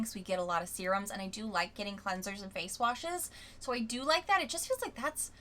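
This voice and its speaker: A young adult woman talks through a beauty box in a candid, chatty vlog, reading viewer comments aloud with lively emphasis. Her voice sits a bit high and sounds bright and clear. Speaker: beauty vlogger.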